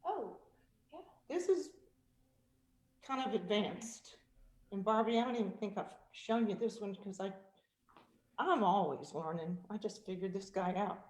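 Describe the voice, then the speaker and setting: Animated woman coaching singers, echoey room. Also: medium pitch, unhurried, pauses often. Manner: animated, demonstrative, laughs often, sings vocal exercises. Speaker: vocal coach and guest speaker. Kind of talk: vocal technique demonstration. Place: virtual meeting. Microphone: video call.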